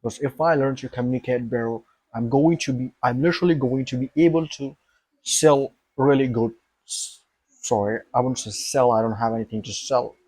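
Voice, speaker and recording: A man's voice: mid-range voice, normal speed, darkish tone, no echo. A young man vlogging to his camera, thinking aloud in an emphatic, rambling way, repeating himself and swearing.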